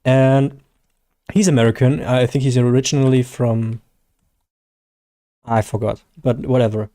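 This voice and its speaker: A man's voice: medium pitch, fairly even intonation, unhurried, mellow. A man with a German accent chatting casually and rambling to viewers on a live game stream, his first language German. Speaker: gaming streamer.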